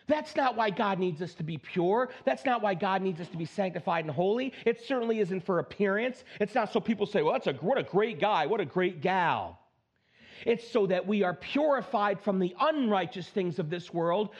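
A man preaching a sermon as pastor, emphatic, swinging from high exclaims down to low, slow stresses, with playful asides. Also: vocal fry. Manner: playful asides, mock self-talk.

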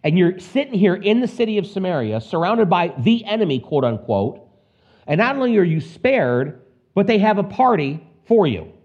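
A man preaching an expository Bible sermon, animated, acting out scenes with quick put-on voices and casual asides. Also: high voice. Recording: dull lo-fi recording.

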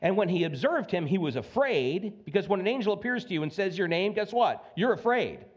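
A man preaches a sermon in a casual, conversational way, often asking "okay?" and "you know what I mean?" His voice sits high and moves widely in pitch. The church recording sounds a bit muffled. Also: expressive, brisk, slightly rough. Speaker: pastor. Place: church sanctuary.

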